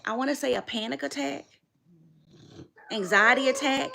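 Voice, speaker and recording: A woman's voice: sits high, normal speed, creaky, noisy background. A middle-aged woman, emotionally retelling a story to her viewers in a repetitive, emphatic way. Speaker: dog owner vlogger.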